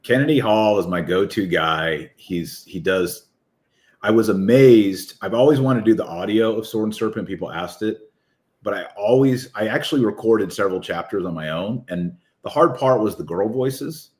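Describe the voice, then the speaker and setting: A man with a deep voice, talking as an author guest in an enthusiastic, rambling podcast chat. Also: normal speed, darkish tone. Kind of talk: casual podcast conversation.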